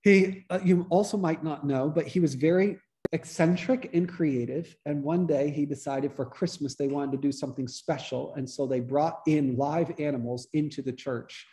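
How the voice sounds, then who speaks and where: A man, a priest, giving a relaxed, conversational teaching talk to a church study group, restarting his sentences often. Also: fairly high pitch, moderate pace. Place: church meeting room.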